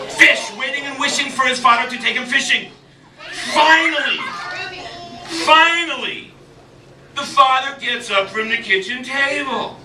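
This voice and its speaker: A man telling a story live at a children's show, animated and playful, repeating refrains. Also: very high voice, noisy background. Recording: echoey live room from far off, crowd and music.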